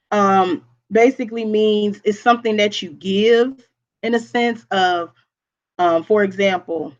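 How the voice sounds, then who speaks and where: A woman teacher giving a recorded lesson, speaking slowly and deliberately, spelling words out letter by letter and checking in with "okay?" often. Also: mid-range voice. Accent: Southern US. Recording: dull lo-fi recording.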